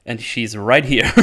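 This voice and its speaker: A man's voice: lowish voice, fairly bright tone, smooth. A man hosting a movie review channel, recapping a film in a casual, rambling way with lots of swearing and restarts. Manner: rambling, profane, with frequent restarts.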